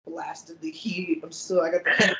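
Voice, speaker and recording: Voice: mid-range voice, flat delivery, a little slow, pushed and bright, roomy sound, slight background noise, rough recording. A podcast co-host rambling through a profane casual story. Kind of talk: casual chat.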